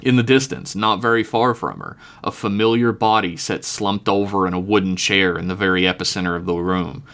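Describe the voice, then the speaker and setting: A man's voice: sits low, steady tone, a little fast, few pauses, fairly bright tone. A man reading his own story aloud on a podcast, chuckling now and then at his own jokes.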